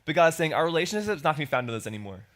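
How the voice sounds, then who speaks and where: A man's voice: fairly high pitch, very animated, racing, fairly bright tone. Guy pastor giving a sermon in church, chatty, voices the quotes. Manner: conversational, acts out quoted lines.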